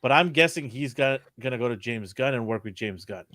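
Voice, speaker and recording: An older man hosting a casual pop culture chat, animated and laughing often. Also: mid-range voice, fairly quick, no echo, studio quality. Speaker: podcast host.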